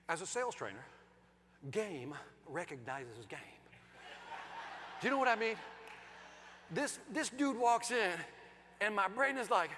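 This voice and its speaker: A middle-aged man gives a comic keynote, swinging between loud bursts and hushed asides on a conference stage. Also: high-pitched. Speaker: keynote speaker. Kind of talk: comedic keynote storytelling. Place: large conference hall stage. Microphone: stage microphone. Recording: long reverb of a large hall.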